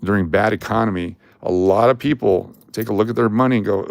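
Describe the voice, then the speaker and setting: Older guy sorting coins on a livestream, chatty and goofy, low voice, dry close mic sound. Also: brisk, vocal fry, hardly any pauses, dry recording. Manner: chatty and jokey, calling out coin dates and mint marks. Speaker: coin collecting live streamer. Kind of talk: casual live commentary while sorting coins.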